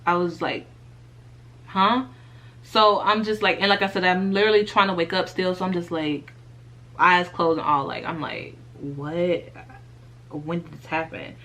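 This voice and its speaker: A young woman vlogger giving a candid life update, chatting straight to her viewers as y'all and baby and laughing softly through a sad story. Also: fairly low pitch, fairly even intonation, a little slow.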